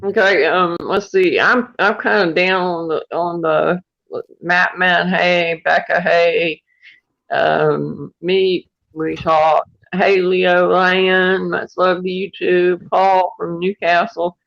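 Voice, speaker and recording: A woman from Georgia with a Southern US accent, chatting in a group voice call and giving friendly shout-outs. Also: lowish voice, steady tone, slow pace, creaky, no room sound. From Georgia, US Southern states. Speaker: chat participant. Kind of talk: casual group voice chat. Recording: dull lo-fi online call audio.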